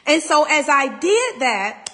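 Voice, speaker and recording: A woman's voice: sits high, sing-song, slow pace, fairly bright tone, long reverb tail. A woman, hosting a faith talk, speaking in a raw way and close to tears. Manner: raw, tearful, holding back crying. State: near tears. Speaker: podcast host. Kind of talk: emotional faith talk to listeners.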